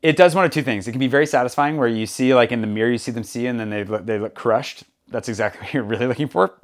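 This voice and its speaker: A man hosting a casual podcast chat, an animated storyteller who acts out the people he quotes. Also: mid-range voice, quick pace. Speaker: podcast host. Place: Paris.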